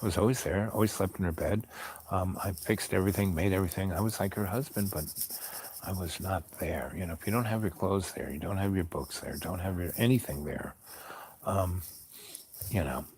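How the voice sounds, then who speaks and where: A man host telling a personal story in a calm, wry, rambling way with many fillers. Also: deep voice, fairly quick, breathy edge, no echo. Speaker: podcast host.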